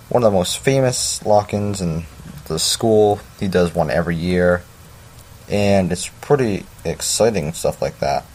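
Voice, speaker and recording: A man's voice: low voice, a little mellow, a little hiss or hum. A man reading a story aloud in a casual way, breaking off for chatty, self-mocking asides. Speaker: story reader.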